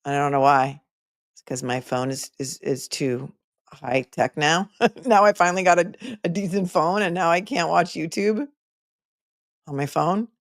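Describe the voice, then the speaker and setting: A woman's voice: low-pitched, unhurried, no echo, studio quality. A woman hosting a casual livestream, chatting with viewers and making wry asides while she waits, talking into a phone. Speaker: livestream host. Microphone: phone microphone.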